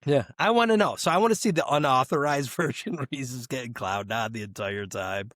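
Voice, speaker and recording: A young man co-hosting a casual sports podcast, wandering through his stories with plenty of fillers and the odd curse. His voice sits in an ordinary middle pitch. The sound is close and dry, with no room around it. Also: a little fast, a bit bright, dry recording. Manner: rambling, loose storytelling with fillers and profanity. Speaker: podcast co-host. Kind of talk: casual chat.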